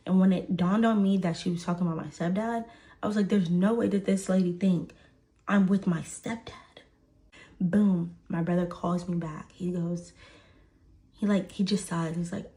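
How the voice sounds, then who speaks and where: A woman's voice: mid-range voice, moderate pace, gravelly. A young woman from Texas telling a personal story in a casual way, acting out the quoted dialogue. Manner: animated, acts out quoted dialogue.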